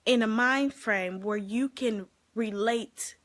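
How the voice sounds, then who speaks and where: A woman vlogging casually to her viewers, giving life advice in an animated, chatty way and laughing often. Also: on the high side, slow pace. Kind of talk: casual talk to camera.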